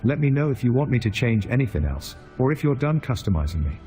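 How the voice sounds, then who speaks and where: A man's voice: medium pitch, sing-song, fast, warm tone, soft background music. A synthetic text-to-speech man's voice with a London accent, playing a game drone AI with a cheeky, slangy manner.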